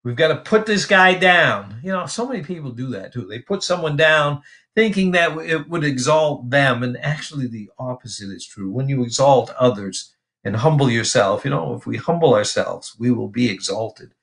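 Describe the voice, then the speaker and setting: A pastor teaching from the Bible in a relaxed, conversational way, reading verses aloud and pausing often with fillers and restarts. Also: male voice, medium pitch, gravelly. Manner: casual and halting, many fillers and restarts; reads scripture aloud.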